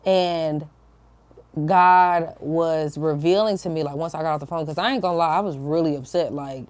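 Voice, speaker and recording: A woman vlogging about faith, retelling a recent phone call in a chatty, animated way, full of slang and stammers. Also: low-pitched, normal speed, no echo. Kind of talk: casual spiritual vlog storytelling. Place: home, indoors.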